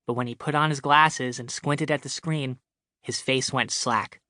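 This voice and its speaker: A man's voice: medium pitch, steady tone, unhurried, sharp tone, no echo. A man narrating his comic short story as a scripted audiobook, with a wry, dry delivery on a close studio mic.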